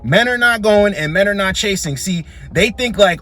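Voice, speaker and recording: A man's voice: high-pitched, animated, moderate pace, bright, forceful tone. A man giving blunt, slangy reaction commentary on dating clips, scolding and dismissive.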